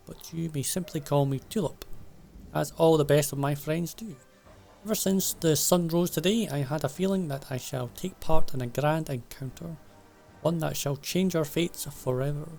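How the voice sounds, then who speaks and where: A man's voice: a little high, creaky, darkish tone. A man reading game dialogue aloud as a flamboyant young woman traveller, grandiose and mystical, with flowery, theatrical phrasing.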